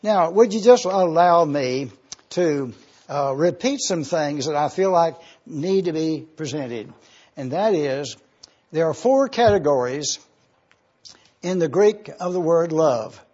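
Husky preacher teaching Greek words. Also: male voice, a little high, expressive, darkish tone, muffled recording. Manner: deliberate teaching, spells out words letter by letter. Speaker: pastor. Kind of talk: sermon with Greek word study.

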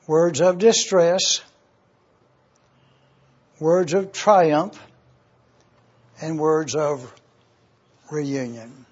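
A man teaching a sermon slowly and deliberately, repeating points for review. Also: a little high, darkish tone, breathy edge. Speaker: preacher. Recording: dull lo-fi recording.

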